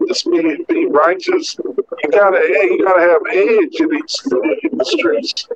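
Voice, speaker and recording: A man's voice: sits high, very animated, unhurried, lo-fi sound, a crowd in the background. A man talking earnestly and at length in a casual faith chat, often restarting his sentences. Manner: rambling, earnest, many restarts. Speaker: podcast co-host.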